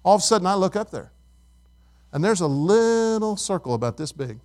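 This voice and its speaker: Pastor, middle-aged man with a high voice, conversational preaching that questions the congregation. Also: very animated, fairly quick, darkish tone. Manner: conversational, asks the congregation questions, tells stories. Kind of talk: sermon.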